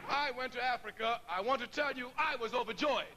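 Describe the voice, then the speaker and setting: Middle-aged male orator, very high and bright voice, storytelling delivery with laughter and quoted voices. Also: fairly quick, low-quality recording. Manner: storytelling, laughs often, acts out quoted dialogue. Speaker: speaker addressing an audience. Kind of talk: public speech.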